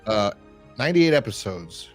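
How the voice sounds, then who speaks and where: A man's voice: on the low side, big pitch swings, moderate pace, soft background music. Rambling man hosting a review podcast. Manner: rambling, lots of fillers and "like". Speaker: podcast host reviewing a horror episode. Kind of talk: casual chat.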